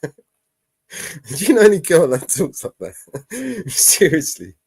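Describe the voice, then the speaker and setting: Sarcastic male streamer, animated swooping delivery, dry close sound. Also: on the high side, slow, vocal fry, husky, dry recording. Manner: sarcastic, laughing, swearing. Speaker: live stream host. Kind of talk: casual live stream commentary.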